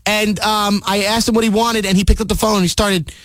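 A high, fast-talking man running a prank call while playing confused, recorded dry. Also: level tone, a bit bright, no echo. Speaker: prank caller.

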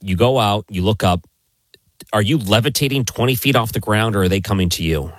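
Low-voiced man hosting an interview. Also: brisk, no room sound. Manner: steady, probing, recaps the story. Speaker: interview host. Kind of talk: interview questioning.

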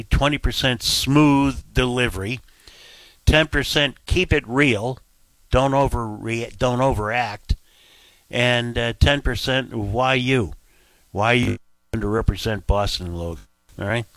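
A man's voice: mid-range voice, a bit bright, no echo. A man hosting a casual talk radio show, rambling through fillers and asides at a studio microphone.

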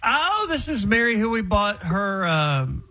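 A man's voice: sits high, big pitch swings, measured pace, sharp tone, rough recording. A man hosting a radio talk show, chatting and teasing callers and co-hosts.

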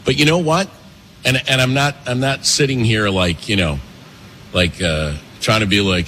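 A man hosting an opinionated political talk show from a pastry shop cafe, talking fast and emphatically and repeating his points. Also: lowish voice, slight background noise. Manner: animated, emphatic, fast, with repetitions.

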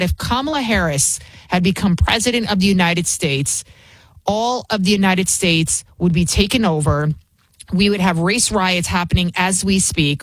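A woman hosts a political commentary show, driving her points home with emphatic, sarcastic repetition. Her voice sits in a middle pitch range. The recording is close and dry, with no room sound. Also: dry recording. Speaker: talk show host.

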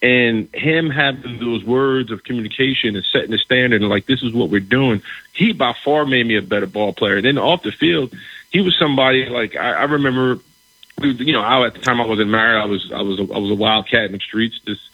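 A middle-aged man, a former pro football player, telling a story in a casual conversation, animated, often restarting his phrases and asking "right?". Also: mid-range voice, a little fast, breathy edge, dry recording. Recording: dull, slightly lo-fi recording.

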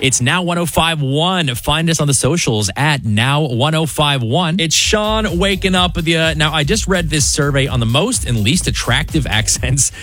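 A man's voice: fairly high pitch, expressive, moderate pace, fairly bright tone, soft background music. A man hosting a morning radio show, chatting upbeat with jokey, laughing asides.

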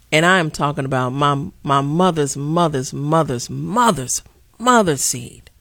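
Lady on talk radio, preachy, climbs into loud outbursts, dry close mic. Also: low voice, no echo. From Chicago. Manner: preachy, rising to sharp outbursts, repeats words. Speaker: radio talk show host. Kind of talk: impassioned talk radio commentary.

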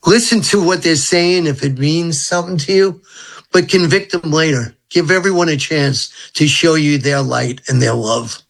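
This older man from Brooklyn talks in an earnest, rambling way, drifting from spiritual musings into childhood stories. His voice sits a little high for a man. He is a guest on a radio interview. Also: normal speed, vocal fry. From Brooklyn, New York. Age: 70s.

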